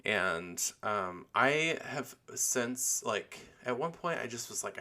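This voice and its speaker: A man's voice: medium pitch, animated, slow pace, hardly any pauses, bright, forceful tone. A man hosting a casual solo podcast, rambling with many fillers and restarts. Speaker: podcast host.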